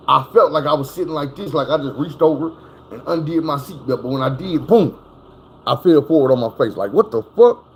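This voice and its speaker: Indoors at home, a man whose voice sits on the high side tells a personal story with slight background noise behind him. He's casual and profane, bringing it to life by mimicking crashes and sounds.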